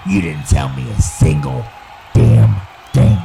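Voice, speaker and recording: Male actor as vengeful evil clown wrestler: rough fry-heavy voice, slightly high, yelling promo threats over clear background music. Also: sing-song, takes it slowly, exaggerated voice, rough recording. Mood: aggrieved. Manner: yells threats, swings between brooding and shouting. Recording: music playing clearly behind.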